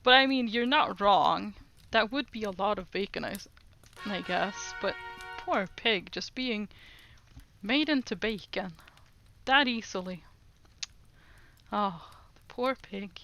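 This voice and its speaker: Woman, streamer, slow unhurried talk, casual livestream chat, giggly, repeats phrases. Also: medium pitch, expressive, gravelly, pushed and bright, muffled recording, faint music behind. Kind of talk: casual livestream chat while practicing French.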